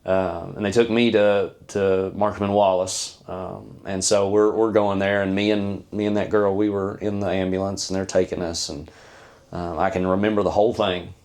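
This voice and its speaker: Podcast guest: man, low-pitched, halting, earnest storyteller. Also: little pitch movement, darkish tone. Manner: earnest, halting, many fillers and restarts. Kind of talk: personal storytelling.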